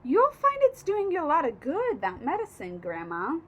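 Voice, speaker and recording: A woman's voice: high-pitched, wildly swooping pitch, normal speed. A woman voicing a cheeky, polite young boy in a storybook reading. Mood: cheerful.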